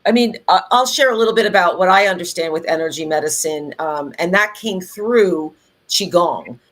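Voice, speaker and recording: A middle-aged woman co-hosting a podcast, chatting in an animated way with many fillers and restarts. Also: on the low side, moderate pace. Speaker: podcast co-host. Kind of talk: casual conversational podcast chat.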